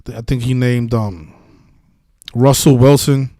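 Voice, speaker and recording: A man's voice: medium pitch, fairly even intonation, unhurried, dark tone, dry recording. A man hosting a casual live-stream about sports betting, talking in a heated, profane, rambling way with many restarts. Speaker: sports betting video host.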